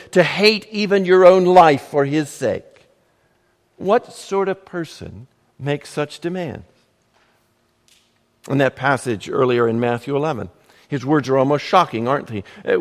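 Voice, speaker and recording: A pastor preaching a sermon, emphatic and measured, with dramatic pauses and rhetorical questions. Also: male voice, a little high, in a large hall.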